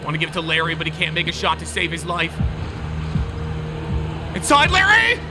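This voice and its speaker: A man hosting a gaming video, giving excitable live commentary on his own play and shouting and groaning at the game. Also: fairly high pitch, moderate pace. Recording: loud game music behind the voice.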